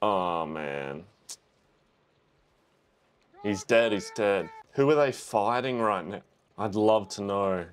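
Slow and often pausing, this young man's lowish voice comes through with a faint hiss or hum. As host of a reaction video, he talks casually through his first viewing of a film, exclaiming and voicing his thoughts.

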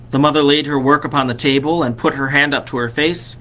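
A man, a vicar, reading a classic story aloud expressively and slowing on key phrases. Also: mid-range voice, steady tone, fairly bright tone.

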